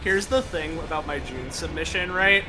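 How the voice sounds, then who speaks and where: A man chatting casually as a guest on a stream, talking deliberately and hedging his points. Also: a little high, music in the background. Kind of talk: casual chat.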